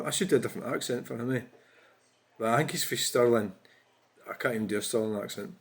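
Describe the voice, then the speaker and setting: A chatty man giving casual commentary in a vlog. His voice sits in an ordinary middle pitch, and he keeps tagging his points with quick questions to the listener. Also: animated, fairly bright tone. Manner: chatty, frequent tag questions, chuckles at his own remarks. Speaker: political vlogger. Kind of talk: casual commentary reading out an online exchange.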